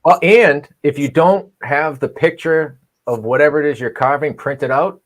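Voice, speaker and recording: A man's voice: fairly high pitch, moderate pace. A man hosting a casual chat, joking and laughing easily. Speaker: host.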